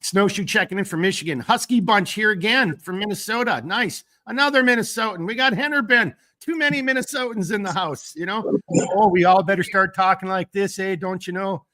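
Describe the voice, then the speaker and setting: A man with a bright, forceful voice that sits a little high for a man hosts a live stream. He talks casually and rambles, leaning on fillers as he reads out shout-outs from the chat. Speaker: host of a live stream talk show.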